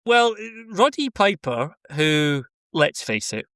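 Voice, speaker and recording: A man's voice: fairly high pitch, sing-song, slow pace, fairly bright tone, dry recording. Wry Scottish man, dry close sound. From Scotland. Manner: wry, joking. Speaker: podcast guest. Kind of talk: casual chat.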